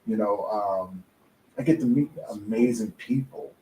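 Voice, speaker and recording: A man of middle pitch with an extremely dark, mellow voice hosts a podcast, musing casually and leaning on fillers. The sound is roomy, with faint ambience behind him. He turns his thoughts into questions for his guest. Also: a little slow, a little hiss or hum. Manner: reflective, filler-heavy, asks questions. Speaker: podcast host. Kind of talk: casual interview chat.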